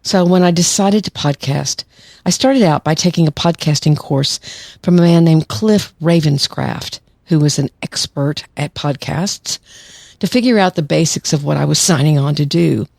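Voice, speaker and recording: A woman's voice: sits low, normal speed, gravelly, no room sound. Chatty woman podcast host, dry close mic. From United States. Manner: warm and chatty, with frequent light laughs. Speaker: podcast host, clinical psychologist. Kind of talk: podcast monologue.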